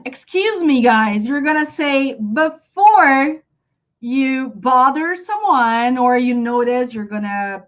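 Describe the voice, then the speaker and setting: High-voiced young Brazilian woman, native Portuguese speaker, chatty live English teacher, dull lo-fi audio. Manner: chatty, animated, many fillers. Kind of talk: live online English lesson.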